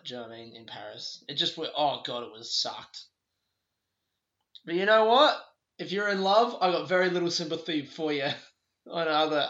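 The speaker is a young Australian man with an Australian accent whose fairly high voice sounds bright and forceful. He spins a loose, casual story, full of laughter and free swearing. The recording has room echo and a dull, lo-fi character.

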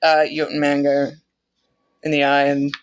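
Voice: medium pitch, monotone, measured pace, clean tone, lo-fi sound. A podcast host retells an old myth in a loose, irreverent way. The delivery is chatty, with frequent laughter and the odd swear word.

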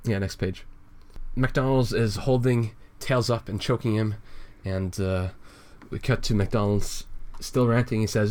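A man's voice: on the low side, fairly even intonation, measured pace, darkish tone. A man in casual podcast chat who reads a comic aloud in a laid-back way, chuckling and using loose slang.

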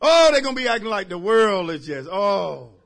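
Pastor, high lively delivery, preaches hard and calls out to the congregation. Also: male voice, moderate pace, vocal fry. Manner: emphatic preaching with sudden shouted bursts; talks directly to the congregation. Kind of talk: sermon.

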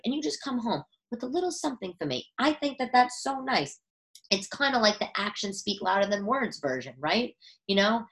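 Woman podcaster chatting away, lowish voice, lively and chatty, lots of restarts. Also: rough recording. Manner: animated and chatty, with frequent restarts. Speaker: podcast host. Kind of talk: casual chat. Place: living room.

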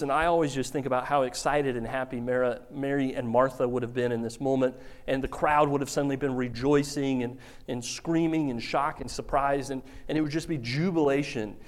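A man preaching a sermon, telling the story with lively acted-out quotes. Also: medium pitch. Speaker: pastor.

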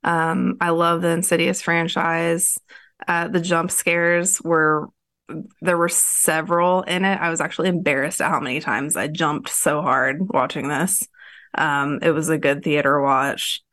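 Female podcast co-host, lower pitch, candid and profane, dry recording. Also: level tone, unhurried, fairly bright tone, no echo. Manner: candid, swears freely. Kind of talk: casual podcast chat.

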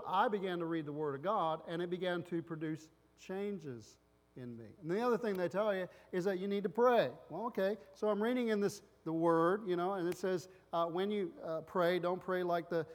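High-voiced man preaching in a reverberant hall. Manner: rambling, loses his place, acts out loud family voices. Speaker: pastor. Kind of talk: sermon with personal stories.

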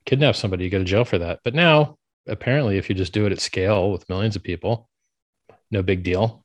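A blunt man talks as an interview guest, voicing strong opinions in an unhedged way. His voice sits very low, and the recording is dry with no room sound. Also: no room sound. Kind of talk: casual interview talk.

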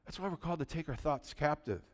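A middle-aged pastor preaches a sermon in a conversational, animated way, packed with rhetorical questions. His voice is on the high side, and he speaks fast.

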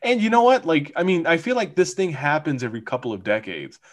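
A man's voice: a little high, expressive, fast. A man co-hosting a casual podcast, rambling with many fillers and laughing often. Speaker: podcast co-host. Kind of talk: casual chat.

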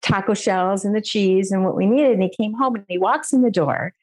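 A woman's voice: mid-range voice, fairly quick, a little mellow. A middle-aged woman from the United States, a guest giving an emotional personal faith testimony, earnest and laughing at times.

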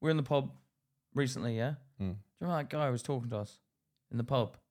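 A man's voice: mid-range voice, racing, darkish tone. A man co-hosting a casual podcast chat, teasing his friend and mimicking voices in his stories. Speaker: podcast co-host.

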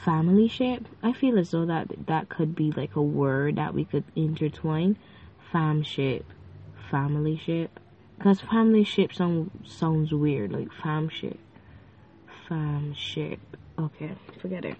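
A woman's voice: low voice, unhurried, mellow, breathy edge, dull audio. A woman hosting a casual faith-based podcast, talking in a chatty, rambling way full of fillers and playful asides. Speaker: podcast host. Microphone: phone.

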